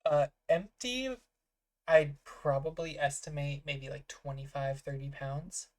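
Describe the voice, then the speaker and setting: A game master guides a tabletop session in loose, rambling speech, pausing to work out weights and rules as the game goes on. The voice sits at a middle pitch and has nothing else marked about it. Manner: casual, filler-heavy, works out rules aloud.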